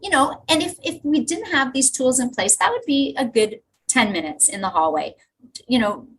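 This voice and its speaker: A woman's voice: high voice, moderate pace, slight background noise, poor audio. A woman teacher, telling classroom stories with enthusiasm in a podcast interview. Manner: enthusiastic storytelling, lively asides. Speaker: teacher and guest.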